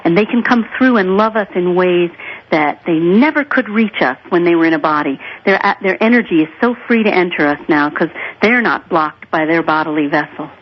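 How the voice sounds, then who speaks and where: A woman's voice: on the low side, moderate pace, lo-fi sound. A woman guest on a radio show, telling stories in an emphatic, earnest way. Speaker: guest therapist and author. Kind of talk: radio interview.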